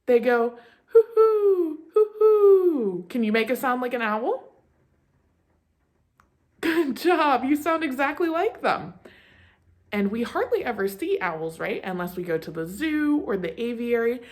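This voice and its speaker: A young woman preschool teacher talking to small children and reading a picture book aloud in an encouraging, sing-song way. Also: mid-range voice.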